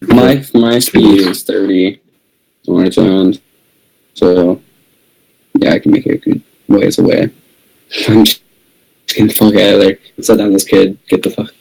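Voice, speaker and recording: Man, tabletop player, gravelly, dark low voice, stammering, swearing. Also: fairly even intonation, unhurried, pauses often, low-quality recording. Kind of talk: casual tabletop play.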